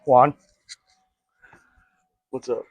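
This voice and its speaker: A man in his twenties, pleading and apologizing quietly while he is confronted. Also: extremely slow, phone-quality sound. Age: 20s.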